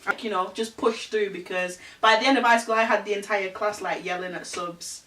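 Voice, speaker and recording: A young woman telling animated stories with plenty of laughter in a casual group chat. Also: medium pitch, brisk, echoey room, far from the mic. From Britain. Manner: animated storytelling, laughing often.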